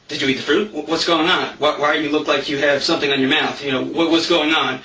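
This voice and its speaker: A man quoting a grumpy, flustered male deity who blusters and stammers through a scolding, only slightly lower than his usual voice. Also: fairly even intonation, fast, sharp tone, reverberant, far from the mic, slight background noise, poor audio.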